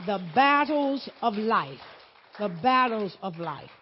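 A woman preacher delivering a sermon, reading scripture slowly and then speeding up to press her points. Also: mid-range voice, very animated, muffled recording, a little hiss or hum.

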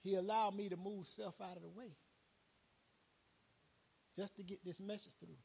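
A man's voice: sits high, fairly even intonation, normal speed, gravelly, slightly rough, muffled recording. A man preaching an unscripted sermon in a folksy, laughing way, quoting conversations and repeating words. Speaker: lay preacher.

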